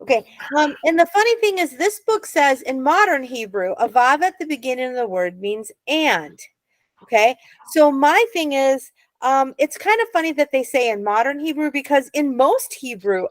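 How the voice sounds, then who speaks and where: A woman's voice: high-pitched, lively intonation, normal speed, dry recording. Patient woman teaching Hebrew reading. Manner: patient, encouraging, explains step by step. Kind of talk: adult Hebrew reading class.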